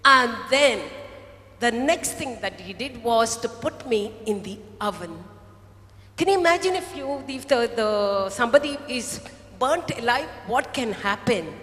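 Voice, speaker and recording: A woman preaching a sermon to a congregation, telling a story slowly and acting out the voices of a potter and a clay cup. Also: fairly high pitch, expressive, fairly bright tone. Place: large hall. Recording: echoey hall, voice from off-mic.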